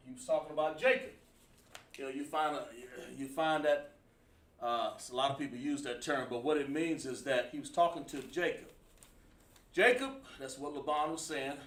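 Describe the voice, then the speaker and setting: A man gives a classroom lesson, patiently explaining and repeating words with frequent "uh" fillers. His voice sits a bit high for a man. It is picked up from across an echoey room. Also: recorded from a distance. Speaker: teacher. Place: classroom with a board.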